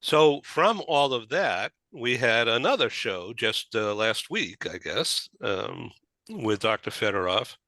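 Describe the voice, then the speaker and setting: A man's voice: mid-range voice, big pitch swings, takes it slowly, bright, forceful tone, no echo. A man from the Boston area with a Boston accent, hosting a talk show in casual, rambling chat. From Boston area, USA. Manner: rambling, chatty, many restarts.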